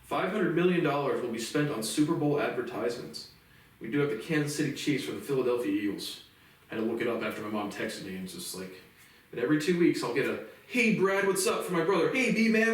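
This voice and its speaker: A man's voice: medium pitch, far from the mic. Cursing young man ranting in an echoey room. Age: late 20s. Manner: bitter, profane rant. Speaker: vlogger. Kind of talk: angry personal monologue.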